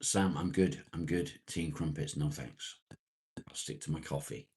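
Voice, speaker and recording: A man with an extremely low, husky voice hosts a laid-back morning live chat. He rambles unhurriedly, greets viewers by name and answers their comments as he goes. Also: measured pace, a little mellow. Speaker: live-stream host reading viewer comments.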